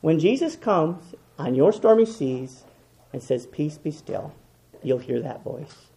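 A man preaching a sermon with passion, swinging between loud, emphatic repetition and hushed, quiet lines. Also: a little high, big pitch swings, unhurried, gravelly.

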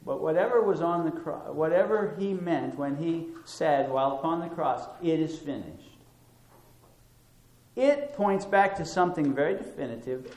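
A man preaching a sermon in a deliberate, emphatic way, repeating words to stress them. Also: fairly high pitch, a little mellow. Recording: roomy echo.

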